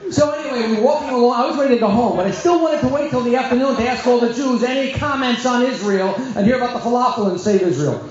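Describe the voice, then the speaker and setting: Male rabbi storyteller, high and lively; comic timing, booming hall echo. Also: quick pace, few pauses. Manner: animated, self-mocking, comic timing. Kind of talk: comic storytelling talk to an audience. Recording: echoey hall, dull sound.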